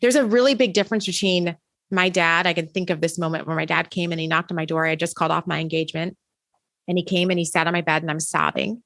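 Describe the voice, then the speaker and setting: A woman's voice: lowish voice, fairly even intonation, fast talker, gravelly, a bit bright, dry recording. A woman who teaches college, answering in a podcast interview with earnest, emphatic storytelling.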